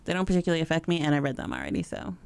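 A woman's voice: low-pitched, huge pitch swings, racing, gravelly, a little mellow, clear, resonant tone. A woman in casual chat, bluntly giving opinions and laughing often.

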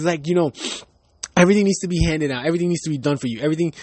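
A man's voice: a little high, very fast, a little mellow, no echo. A man in his thirties hosting his own podcast, ranting loosely with lots of profanity and laughter. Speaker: podcast host. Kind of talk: casual ranting monologue. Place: Miami.

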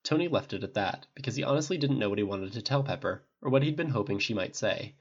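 A man giving steady scripted audiobook narration on a dull lo-fi recording. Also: on the low side, quick pace, breathy edge.

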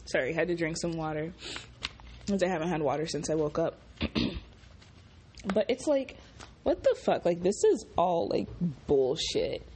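A groggy young woman who just woke up, talking in a casual vlog with profane, animated, exasperated ranting. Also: deep voice, moderate pace, pauses often, a little hiss or hum. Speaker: vlogger.

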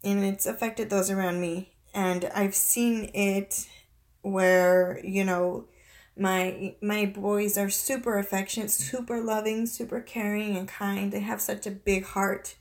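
Woman in her thirties, confessional vlog, halting, tearful, fillers and restarts, mid-pitched. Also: little pitch movement. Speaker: vlogger.

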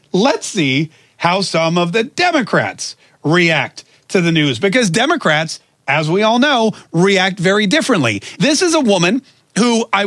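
Man, high lively voice, sarcastic and animated, dry close sound. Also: no room sound. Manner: sarcastic, animated, acts out quotes. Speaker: talk show host. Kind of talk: opinion talk show monologue.

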